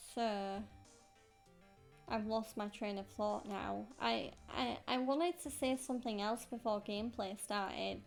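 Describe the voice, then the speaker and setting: A woman's voice: mid-range voice, vocal fry. A young woman streaming a game, chatting in a rambling, distracted way into a headset. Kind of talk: casual gameplay chat.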